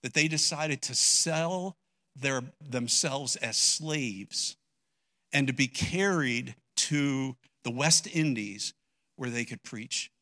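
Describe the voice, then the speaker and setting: An older male pastor delivering a sermon as a heartfelt story. His voice is very bright and forward, and he swings from quiet, drawn-out phrases to loud, emotional bursts. The pitch sits in an ordinary middle range for a man.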